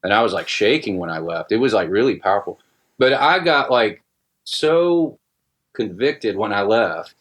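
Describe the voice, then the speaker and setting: A middle-aged man telling a personal story in casual podcast talk, halting with many restarts and fillers. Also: lowish voice, animated, a bit bright. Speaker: guest musician.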